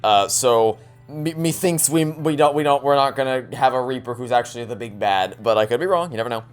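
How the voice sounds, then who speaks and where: A woman's voice: rumbling low, brisk, few pauses, soft background music. A woman giving chatty, joking commentary as she plays through a story game. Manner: chatty, joking, stumbling restarts. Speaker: let's play host. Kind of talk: casual gaming commentary.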